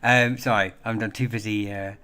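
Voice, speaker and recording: Guy rambling on his live stream, lots of ums, kinda low voice. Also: fairly even intonation, bright, forceful tone, clear, resonant tone. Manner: rambling, halting, many fillers and restarts. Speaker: livestream host. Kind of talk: casual livestream chat with viewers.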